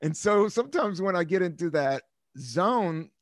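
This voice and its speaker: A man's voice: high-pitched, expressive, unhurried, no echo, clean studio sound. An American man in his fifties hosting a podcast, rambling through stories in a casual monologue, swearing freely and laughing often. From United States. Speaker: podcast host.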